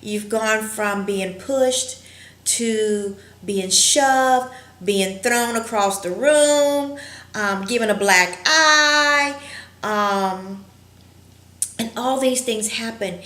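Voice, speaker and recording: A woman counselor giving an earnest, reflective educational talk, pausing often with fillers. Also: mid-range voice, a bit bright. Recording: roomy echo.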